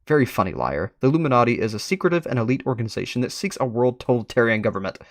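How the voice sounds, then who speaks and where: A man's voice: medium pitch, expressive, racing, no echo, clean studio sound, lightly acted. A man doing a paranoid grumpy conspiracy believer. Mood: indignant. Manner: indignant, defensive.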